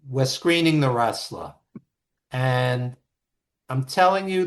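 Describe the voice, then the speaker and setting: A man, a guest on an interview show, telling stories in an animated, emphatic way with frequent restarts. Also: fairly high pitch. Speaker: guest, author and producer. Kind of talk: storytelling interview talk.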